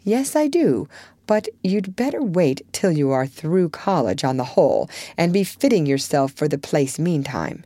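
A spirited, blunt young woman, as a woman reading a storybook puts her on. She talks in a low, close, dry voice, brisk when she scolds and gentle when she comforts. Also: very animated, no echo, full character voice. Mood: brisk teasing. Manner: brisk, scolding, then softly coaxing.

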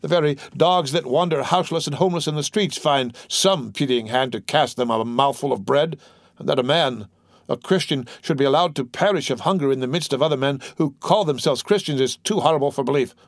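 A man voicing a calm, grave priest who speaks in a measured, formal way. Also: medium pitch, no room sound, clean studio sound, pitched above the performer's own voice, close to an everyday voice. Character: calm, secretly shaken priest. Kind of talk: audiobook character reading.

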